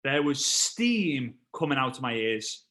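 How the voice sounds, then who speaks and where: A man, a motivational speaker telling a story on stage, animated and acting out voices and sound effects. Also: mid-range voice, unhurried.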